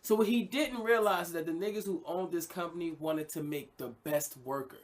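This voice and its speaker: Animated profane man telling a story. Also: fairly high pitch, fairly quick. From New Jersey. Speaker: podcast co-host. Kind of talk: casual chat.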